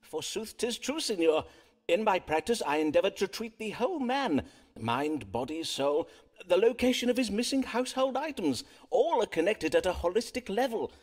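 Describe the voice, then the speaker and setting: A pompous Elizabethan physician who reads the stars for his game's patients. He talks in a stately, measured old English cadence, his pitch sitting high for a man and swooping widely from word to word. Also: sing-song. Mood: solemn. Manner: archaic stately speech, measured. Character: pompous Elizabethan male doctor-astrologer. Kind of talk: game voice acting.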